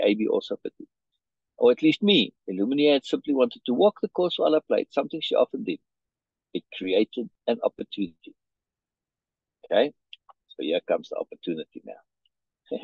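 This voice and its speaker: Male teacher on a video call, reading a story aloud and unpacking it; slightly husky, repeats himself, dry sound. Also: mid-range voice, no room sound, dull audio. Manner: checks in often with "right?"; restarts and repeats words. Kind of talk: reading a story and explaining it to a learner.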